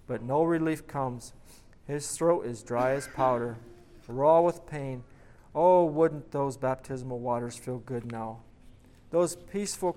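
A man preaching, reading a dramatic story aloud and then leading a prayer, emphatic on repeated questions. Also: on the high side. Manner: emphatic, rising on rhetorical questions.

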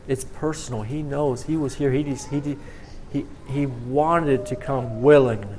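Man preaching a halting, emphatic sermon. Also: mid-range voice, warm tone, a little hiss or hum. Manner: halting, repeating words, swelling with emphasis.

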